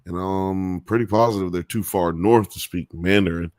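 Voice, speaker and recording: A man's voice: low-pitched, steady tone, normal speed, darkish tone, no room sound, studio quality. A man hosting a live podcast, reading chat comments aloud in a rambling, profane way and laughing often. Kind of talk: casual live-stream chat.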